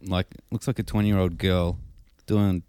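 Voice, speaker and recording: A man's voice: deep voice, flat delivery, a little slow, mellow, smooth, dry recording. An Australian man co-hosting a casual podcast, laid-back and teasing, laughing often. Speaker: podcast co-host.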